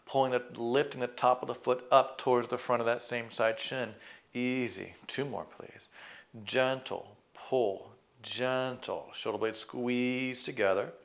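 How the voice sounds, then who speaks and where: A man leading an exercise class, giving calm step-by-step cues, counting reps and offering encouragement, with the occasional self-deprecating aside. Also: medium pitch, vocal fry. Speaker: fitness instructor.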